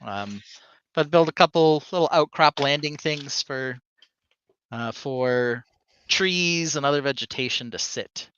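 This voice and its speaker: A man's voice: mid-range voice, measured pace, a bit bright, clean tone, highs cut off. A man co-hosting a livestream, casually walking through his build with many fillers and restarts. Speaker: podcast co-host.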